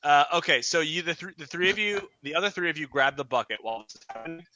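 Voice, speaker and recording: A man's voice: a little high, expressive, fast, bright, forceful tone, slight background noise. A man narrating as dungeon master in a tabletop game, rambling with many fillers and restarts.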